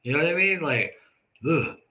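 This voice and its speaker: A man hosting a live talk show, speaking earnestly and conversationally about grief and forgiveness, with sudden loud outbursts and quick asides. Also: fairly high pitch, animated, muffled recording.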